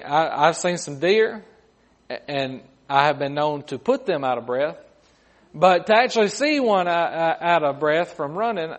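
A man preaching a sermon in a folksy way, often repeating his words and adding humorous asides. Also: on the high side.

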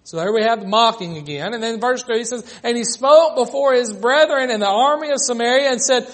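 High-voiced preacher. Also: male voice, a little fast. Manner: animated, acts out mocking voices of critics. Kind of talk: sermon.

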